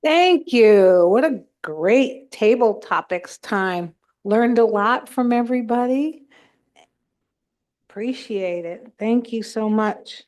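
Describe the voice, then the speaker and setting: A woman with a slightly high voice leads a club meeting, chatting and joking between items. She talks slowly. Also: expressive, darkish tone. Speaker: toastmaster of the meeting. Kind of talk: meeting facilitation.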